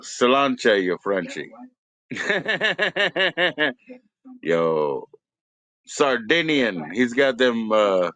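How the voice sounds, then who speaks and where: A man's voice: medium pitch, very animated, very slow, pauses often, a bit bright, no room sound. A man hosting a live stream, rambling in profane casual chat and laughing often.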